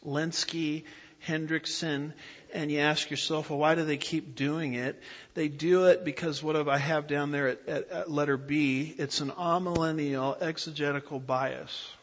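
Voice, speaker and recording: A man preaching an expository Bible lesson, pausing to ask his listeners to fill in the blanks. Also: fairly high pitch, fairly even intonation, fairly bright tone. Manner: asks the audience fill-in-the-blank questions. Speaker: pastor teaching a Bible class. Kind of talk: expository sermon lecture. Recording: dull audio with long hall reverb.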